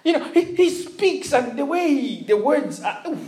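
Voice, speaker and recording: Casting: male preacher, very high voice, sermon storytelling, chuckling. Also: moderate pace. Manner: animated storytelling with frequent chuckles and restarts.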